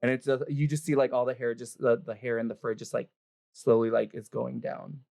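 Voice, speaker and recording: A man running a tabletop game as game master, narrating in a loose, rambling way full of fillers. His voice is dark and mellow, and the sound is dry and close. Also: mid-range voice, flat delivery, brisk, vocal fry, dry recording. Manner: rambling, lots of "like" fillers, laughs often.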